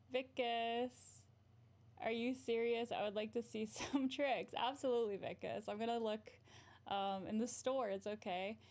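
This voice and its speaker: A woman's voice: mid-range voice, darkish tone. A woman therapist hosting a casual livestream, chatting in a bubbly way, often giggling and answering her viewers' comments.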